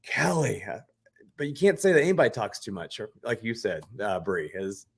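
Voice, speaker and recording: Low-voiced man giving opinions. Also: sing-song, normal speed, gravelly, breathy edge. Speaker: podcast co-host. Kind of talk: casual chat recapping a reality show.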